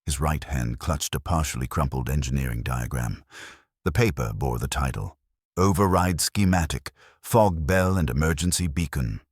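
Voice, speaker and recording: A man's voice: a bass voice, moderate pace, slightly rough, no echo, studio quality. A man giving dramatic, scripted audiobook narration.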